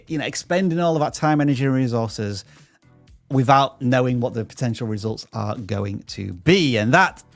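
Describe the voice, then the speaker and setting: A man's voice: mid-range voice, a little mellow, dry recording. A man hosting a live stream, upbeat as he reads out viewer messages and answers them.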